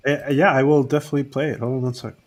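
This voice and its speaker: A man hosting a casual video call chat, halting and full of restarts. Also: mid-range voice, fairly even intonation.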